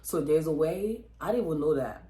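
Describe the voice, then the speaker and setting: A woman vlogger telling a personal story in a chatty, expressive way, with lots of fillers and acted-out quotes. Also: low voice, fairly quick, echoey room. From Texas. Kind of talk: casual storytelling vlog.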